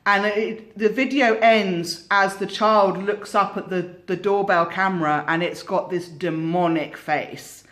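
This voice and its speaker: A woman's voice: medium pitch, steady tone, a little slow, hardly any pauses, fairly bright tone. A woman hosting a tarot channel, casually telling a cautionary story in a musing way with hesitant restarts.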